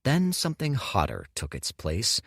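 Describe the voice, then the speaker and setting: Male audiobook narrator, low voice, animated intonation, slow, measured. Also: creaky, slightly rough, no echo, clean studio sound. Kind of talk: scripted narration.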